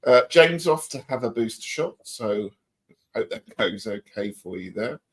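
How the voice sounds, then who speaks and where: A man's voice: medium pitch, lively intonation, measured pace. A middle-aged man co-hosting a livestream, chatting casually and reading out viewer comments in an upbeat, friendly way. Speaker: livestream co-host.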